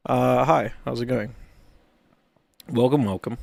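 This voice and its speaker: A game livestream host speaks slowly in a gravelly, mid-range voice, with long pauses on a dry recording. His casual stream chat is goofy and rambling, and he's a little out of breath as he repeatedly greets his viewers.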